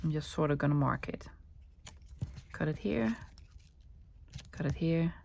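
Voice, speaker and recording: A woman's voice: sits low, lively intonation, a little slow, creaky, darkish tone, a little hiss or hum. A woman with a Dutch accent chatting casually while crafting at her desk, thinking aloud and answering her own questions. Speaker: crafting vlogger.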